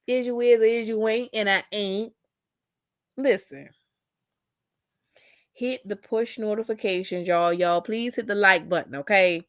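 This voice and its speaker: A woman's voice: medium pitch, unhurried, no room sound, clean studio sound. A young adult woman hosting a casual livestream, reading chat comments aloud with sassy drawling asides.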